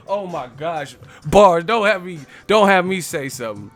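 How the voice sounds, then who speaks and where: A man's voice: fairly high pitch, sing-song, moderate pace, few pauses, faint music behind. A man hosting a casual live stream, playfully rapping his own bars and laughing at them.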